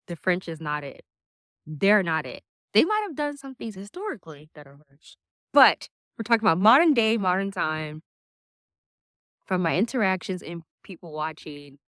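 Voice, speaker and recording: A woman's voice: on the low side, a bit bright, smooth, no room sound, clean studio sound. A young woman talking casually to a camera on a stand, chatty, laughing often and restarting her sentences. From United States. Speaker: vlogger.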